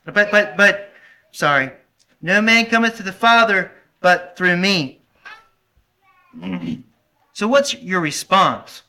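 A man's voice: sits high, lively intonation, slow pace, long pauses, sharp tone. A man preaching a sermon, earnestly putting questions to his congregation and sometimes stopping to correct himself. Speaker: pastor.

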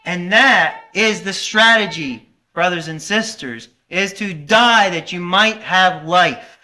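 A pastor with a high, bright, forceful voice preaches slowly to his congregation. He earnestly poses questions to them and occasionally pauses to correct himself.

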